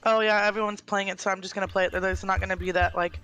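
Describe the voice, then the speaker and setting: Man, high and bright voice, earnest and thoughtful, soft music under. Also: flat delivery, fast talker, rough recording. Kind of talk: casual chat.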